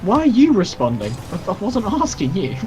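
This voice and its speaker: A man co-hosting a casual gaming chat, throwing in quick jokes. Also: high-pitched, huge pitch swings, music in the background. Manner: quick, joking interjections. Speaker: gaming channel co-host.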